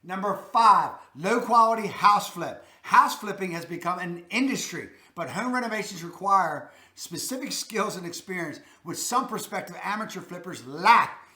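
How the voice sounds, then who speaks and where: Baltimore guy doing real estate tips, high bright voice, folksy and punchy, echoey room. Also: animated, moderate pace. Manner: folksy, emphatic, repeats "that's a fact". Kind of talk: direct-to-camera real estate advice.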